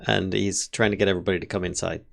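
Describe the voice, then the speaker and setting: A man casually playing a tabletop game, easygoing and quick to laugh. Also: low voice, flat delivery, creaky.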